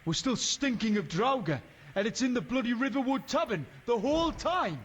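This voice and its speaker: Guy doing a sweary warrior buddy in a game, high voice, swoops all over, music faint behind. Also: very animated, normal speed, dull audio, a little hiss or hum. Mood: grumbling. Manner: grumbling, swearing, wry. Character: gruff sweary male warrior companion. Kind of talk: video game dialogue.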